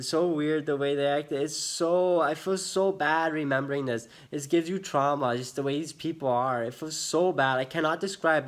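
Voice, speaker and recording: A young American man telling an agitated storytime rant in his vlog, swearing often as he talks. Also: a little high. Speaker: vlogger.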